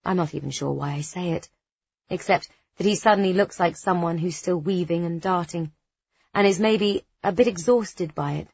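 A woman narrating a first-person novel as an audiobook, with a measured, expressive delivery. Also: on the low side, vocal fry, slightly rough, dry recording. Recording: dull, dry studio recording.

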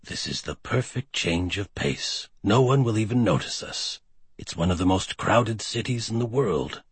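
Picture a smug villain who holds a secret meeting, his voice sinking low and hushed while it still rises and falls with feeling, as a man reads him. The delivery stays slightly husky and completely dry. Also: expressive, measured pace, no room sound, heavily acted. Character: scheming male villain leader, calm and smug.

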